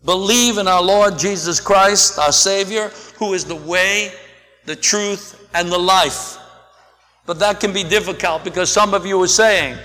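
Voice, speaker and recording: A man preaching a sermon, slow and deliberate, swinging between soft and loud. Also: high voice. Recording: long hall reverb.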